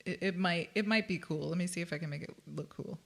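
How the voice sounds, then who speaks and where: A woman's voice: fairly low pitch, quick pace, gravelly, a bit bright. A woman teaching ukulele in a live-streamed lesson, chatty and self-deprecating, often laughing between explanations. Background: her own ukulele playing.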